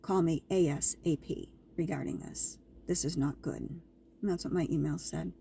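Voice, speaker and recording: A woman's voice: low voice, normal speed, gravelly, mellow, a little hiss or hum. A woman vlogger casually telling her viewers a story, chatty and repetitive, with an indignant edge.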